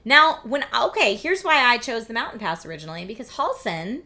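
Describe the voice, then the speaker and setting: Bright, husky-voiced woman streamer chatting. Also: on the high side, sing-song, a little fast. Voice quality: slightly husky, scratchy voice. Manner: chatty, reads viewer chat aloud. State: lingering cough. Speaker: streamer host. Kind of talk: casual live-stream chat.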